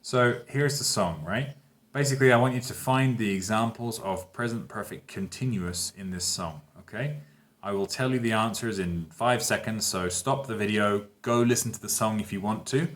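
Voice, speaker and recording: A man gives a casual online lesson. His voice sits fairly low, and he explains patiently and often stops to check that students are following. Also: normal speed, a bit bright. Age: 30s. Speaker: English teacher.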